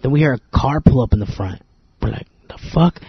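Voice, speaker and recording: A man with a husky, slightly rough voice tells a long story in loose, profane casual chat, slipping into the voices of the people he quotes. The recording is dry and close, with no room sound around him. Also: medium pitch, quick pace, no echo, muffled recording. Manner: rambling storyteller, heavy swearing, acts out quotes. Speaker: podcast host.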